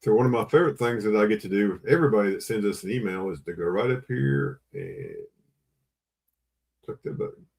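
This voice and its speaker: A man's voice: mid-range voice, creaky. A man hosting a live online auction, repeating bids and coaxing buyers with auctioneer patter. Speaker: livestream auction host.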